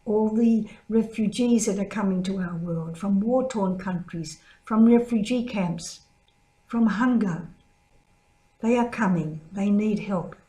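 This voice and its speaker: Older woman, mellow storytelling reflection. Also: a little slow. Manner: storytelling, acts out quoted voices with higher pitch. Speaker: religious sister giving a reflection. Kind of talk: gentle spoken reflection with a story. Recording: echoey room.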